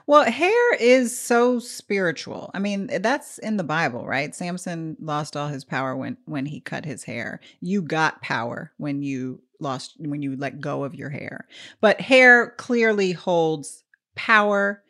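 Animated woman host asking questions. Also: sits low, takes it slowly. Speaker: podcast host. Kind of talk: interview questions.

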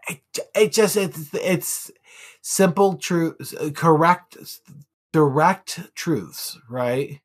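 A man co-hosting a podcast, chatting casually about an old film, often restarting sentences with sudden lifts in emphasis. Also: drawn-out words. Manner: animated, restarts a lot, pitch jumps for emphasis. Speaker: podcast co-host.

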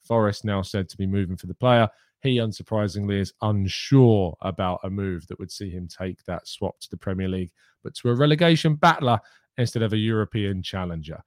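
Low-voiced man hosting a football chat show. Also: brisk, no room sound, clean studio sound. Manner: chatty, opinionated, reads viewer questions aloud. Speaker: host of a daily football news show. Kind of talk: live-streamed football chat.

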